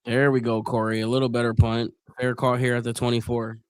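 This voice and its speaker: A man from Northeast Ohio hosting a live stream, giving casual play-by-play, chatting with viewers in loose slang, his voice getting hoarse. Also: mid-range voice, flat delivery, brisk, no room sound, clean studio sound. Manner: chatty, loose slang, reads chat aloud. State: voice going hoarse.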